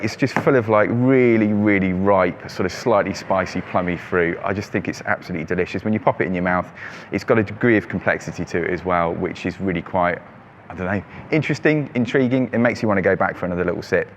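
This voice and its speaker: The speaker is a wine shop host, a man with a fairly low pitch, casually discussing the month's selection with frequent ums and fillers. Slight background noise and street traffic come from outside the shop.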